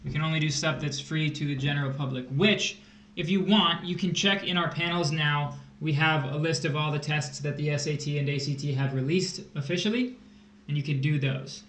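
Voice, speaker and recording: A man's voice: a little high, fairly quick, fairly bright tone. A man tutoring test prep on a casual livestream, joking and rambling as he explains math. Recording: echoey room, faint hiss.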